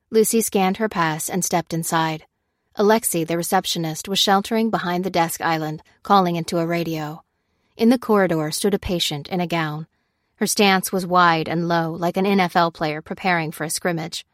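A woman reads a novel chapter aloud in a steady, measured way. Her voice sits on the lower side and the recording is dry and close, with no room sound. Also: no echo. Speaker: audiobook narrator. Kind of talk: scripted narration.

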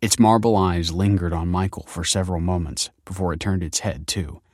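A man reading a story aloud in a measured, dramatic way. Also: deep voice, a little mellow, no room sound, studio quality. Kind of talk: scripted story narration.

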